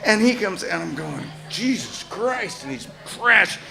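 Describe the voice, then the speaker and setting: An older man telling a true story live, animated, profane and often laughing. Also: high-pitched, moderate pace, creaky, soft background music.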